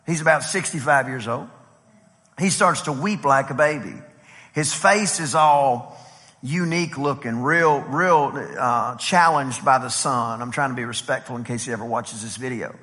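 A man's voice: mid-range voice, normal speed. A man from Texas, preaching at a conference and telling a story with lots of acted-out dialogue. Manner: lively, repeats "I said" while acting out dialogue. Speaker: pastor. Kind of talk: animated conference sermon storytelling. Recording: long hall reverb.

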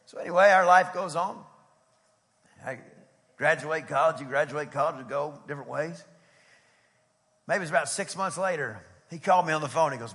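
A man preaching a sermon in a church, swinging from loud, driving build-ups to casual storytelling asides. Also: on the high side, sing-song, moderate pace, long pauses, big-room sound. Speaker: pastor. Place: church sanctuary.

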